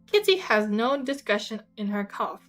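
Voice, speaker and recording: A woman voicing a dry, teasing older gentleman, speaking in a wry, unhurried way. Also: fairly high pitch, animated, soft background music, poor audio.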